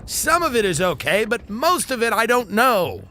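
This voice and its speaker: A man's voice: very high voice, very animated, normal speed, pushed and bright, slight background noise. A man hosting a comedy podcast, reading a news article aloud and breaking off into sarcastic joking asides.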